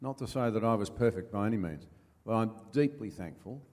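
An older man with an Australian accent, a former politician telling folksy stories as an interview guest, pausing with many fillers. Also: on the low side, expressive, a little mellow, in a large hall. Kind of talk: anecdotal storytelling.

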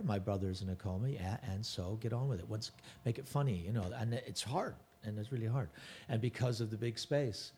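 A man's voice: on the low side, a little fast, few pauses, warm tone, slightly rough. A middle-aged man, a touring stand-up comedian, chatting casually as a podcast guest and rambling with restarts and self-corrections.

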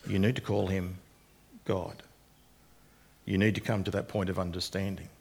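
A man's voice: deep voice, level tone, normal speed, darkish tone. A man preaching a sermon that works through a passage of scripture, retelling the verses in plain everyday speech. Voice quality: gravelly, husky.

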